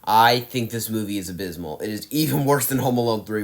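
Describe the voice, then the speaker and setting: A man's voice: mid-range voice, lively intonation, fairly quick, few pauses. Exasperated young man ranking movies. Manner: emphatic, exasperated ranting with sighs. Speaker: movie reviewer. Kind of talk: casual ranking monologue.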